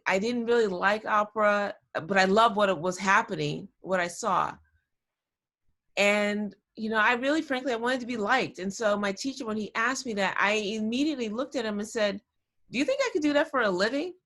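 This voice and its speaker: Woman, storytelling talk, video call, animated, chatty, sidetracked, mid pitch. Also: moderate pace. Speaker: guest speaker.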